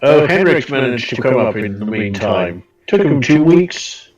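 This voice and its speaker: A man's voice: mid-range voice, big pitch swings, a little slow, far from the mic, highs cut off. A man playing in a tabletop game, chatting casually and drawling out in-character banter. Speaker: player. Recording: echoey room.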